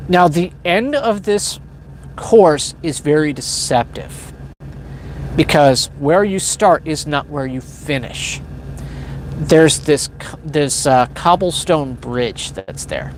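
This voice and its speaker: Rambling storyteller man, slightly high voice. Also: slow pace, slight background noise. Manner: rambling, self-correcting, chuckles often. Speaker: livestream host. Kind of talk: casual spoken storytelling to a live chat.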